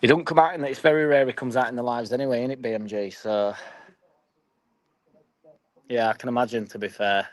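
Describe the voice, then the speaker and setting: A man's voice: mid-range voice, fairly even intonation, brisk, long pauses, rough recording. A young man with a Yorkshire accent chatting casually and swearing freely as he reads and answers his live stream chat. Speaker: football fan vlogger.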